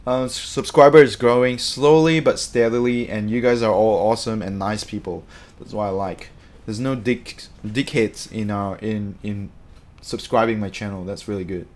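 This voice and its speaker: A man chatting casually on a live stream, reading out viewer comments in an excitable, talkative way. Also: fairly low pitch, normal speed.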